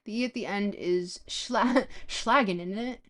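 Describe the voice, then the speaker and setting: A woman's voice: mid-range voice, a little slow, fairly bright tone. A tired woman streaming herself reading a book aloud, chatting casually and stumbling over foreign words.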